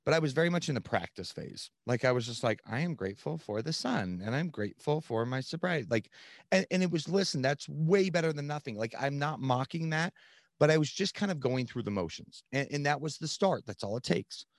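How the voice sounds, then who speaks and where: A man in his thirties, a podcast guest, telling his own story in an earnest, animated way with plenty of "like" fillers. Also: fairly high pitch, brisk, no room sound, studio quality. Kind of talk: candid storytelling.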